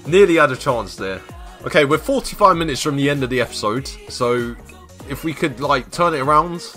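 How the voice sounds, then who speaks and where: A man commentating his own football management game, dry and self-mocking, shouting when a goal goes in. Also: mid-range voice, animated, fairly quick, faint music behind. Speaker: gaming YouTuber.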